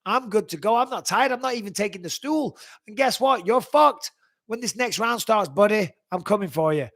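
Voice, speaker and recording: A man's voice: high-pitched, lively intonation, normal speed, a bit bright, pitched above the performer's own voice, full character voice. A man playing a cocky male fighter taunting an exhausted opponent. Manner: swaggering, taunting.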